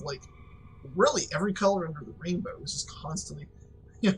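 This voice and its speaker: A man's voice: a little high, normal speed, slight background noise, low-quality recording. Rambling, joking man playing a game. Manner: rambling, joking, laughs often, mild swearing. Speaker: gaming commentator. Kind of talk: casual let's-play commentary.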